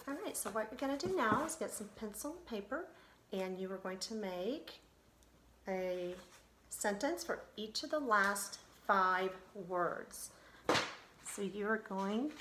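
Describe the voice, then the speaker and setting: Woman teacher, slow, patient phonics walkthrough, echoey room, faint hum. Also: medium pitch, fairly bright tone. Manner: patient, step-by-step, sounding out letters. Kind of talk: online phonics lesson.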